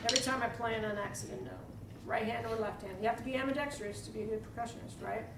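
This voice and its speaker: A woman leading a percussion clinic for students in a school hall, energetic, asking the room questions and demonstrating. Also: a little high, quick pace, very noisy. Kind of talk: teaching a drum clinic to students. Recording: echoey hall, mic at a distance, drumming behind.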